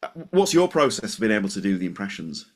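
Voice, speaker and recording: A man's voice: on the low side, quick pace, slightly rough. A male podcast host who chats casually, swears freely and restarts his sentences a lot. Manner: animated, swearing, stumbling restarts.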